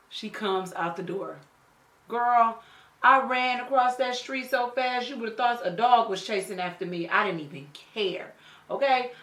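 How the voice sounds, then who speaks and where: This thirties-aged beauty vlogger's voice is fairly high, bright and pushed as she narrates a story while doing her makeup, with a roomy echo around her. She's emphatic and blunt, full of salty slang and swearing, and keeps punctuating her points with "okay?"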